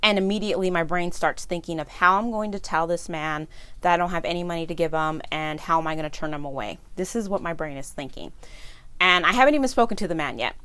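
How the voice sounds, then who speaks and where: A woman's voice: lowish voice, fast talker, pushed and bright, clean tone, dry recording. A woman from California telling a personal story to camera, growing emotional and tearful as she speaks, quoting her own thoughts aloud. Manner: emotional, breaks into tears and apologizes while telling the story. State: tearful, voice breaking. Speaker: nonprofit founder and vlogger.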